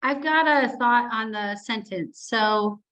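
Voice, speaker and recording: Woman, training participant, fairly high voice, reads slowly, names punctuation, video call. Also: fairly bright tone, low-quality recording. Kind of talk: reading a sentence aloud in a training session.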